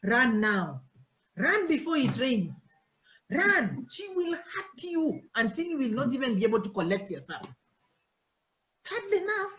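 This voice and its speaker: A woman's voice: on the high side, reverberant, rough recording. A woman, a pastor's wife giving an informal church teaching to her worship team and acting out conversations in different voices. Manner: animated, acts out dialogues in changing voices.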